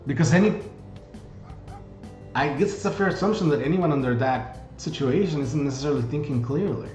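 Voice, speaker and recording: A man's voice: fairly high pitch, fairly quick, a little mellow. A man streaming a game in a casual, jokey way, reading the on-screen dialogue aloud. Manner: chatty, jokey, reads game text aloud. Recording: roomy, dull sound with game music. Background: faint game music.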